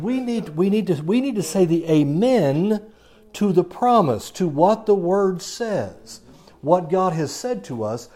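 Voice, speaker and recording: Mellow-voiced man preaching a sermon. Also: a little high. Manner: conversational preaching with jokes and scripture reading. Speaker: pastor.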